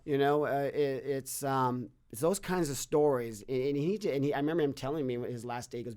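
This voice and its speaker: A man's voice: mid-range voice, a little fast, few pauses, a little mellow. A middle-aged man, a guest on a podcast, talking earnestly and telling stories, often repeating and restarting his words. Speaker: podcast guest, fitness business owner. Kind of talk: casual interview storytelling.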